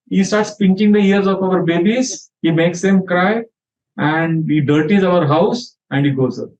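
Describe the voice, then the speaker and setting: Man telling scripture stories. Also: a little high. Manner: animated storytelling, acting out quotes. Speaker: spiritual teacher. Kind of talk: scripture lecture with storytelling. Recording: dull lo-fi sound.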